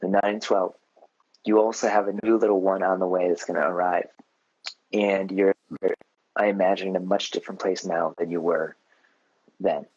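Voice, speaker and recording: A man hosting a podcast, telling a story in a relaxed, casual way full of fillers. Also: low-pitched, normal speed, pauses often, breathy edge, no echo, lo-fi sound. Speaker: podcast host. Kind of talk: casual interview chat.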